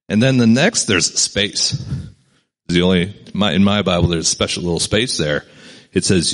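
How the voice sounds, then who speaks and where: A man's voice: low-pitched, moderate pace, a bit bright. A man giving a casual, conversational sermon to a gathered group, often checking in with "right?" as he reads and explains a passage. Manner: conversational, keeps asking "right?". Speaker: pastor.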